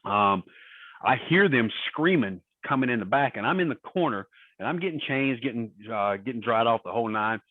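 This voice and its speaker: A man's voice: medium pitch, lively intonation, brisk, dry recording. Man telling stories over a phone line. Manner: profane, laughing anecdotes. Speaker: podcast guest. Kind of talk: casual storytelling. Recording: tinny phone-line sound.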